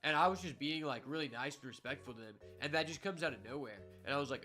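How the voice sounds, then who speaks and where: A young man streaming a card game, chatting casually and telling stories, given to sudden loud hype outbursts. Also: mid-range voice, quick pace, soft background music. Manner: excitable, swings from quiet muttering to loud shouting. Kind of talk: live gameplay commentary and storytelling.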